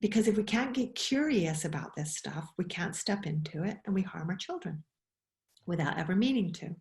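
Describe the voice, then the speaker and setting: A woman giving a webinar talk on child emotions, expressive, often asking questions. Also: lowish voice, normal speed. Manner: expressive, acts out quoted voices, asks questions. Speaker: webinar speaker. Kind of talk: animated talk. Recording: roomy echo.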